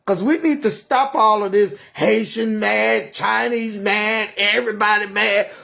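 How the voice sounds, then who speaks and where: Comedy monologue: man playing an upset, preachy old granny, high-pitched and unhurried, scolding like a sermon. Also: steady tone, creaky, pushed and bright, full character voice. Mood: indignant. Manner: ranting, scolding. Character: grandmother, older woman, preachy and upset. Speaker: storyteller.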